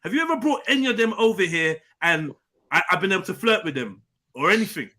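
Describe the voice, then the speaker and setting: A man with a high, bright, sharp-edged voice, joking and teasing in loose banter. He repeats himself as he pushes a point. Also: expressive, fast, no echo. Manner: teasing, repetitive. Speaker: host. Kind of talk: casual banter. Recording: online stream.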